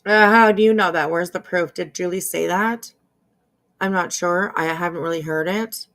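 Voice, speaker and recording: Low, gravelly woman rambling commentary. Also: normal speed, a bit bright. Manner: rambling, hesitant, many fillers and restarts; sarcastic asides. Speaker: drama commentary host. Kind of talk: casual commentary over clips.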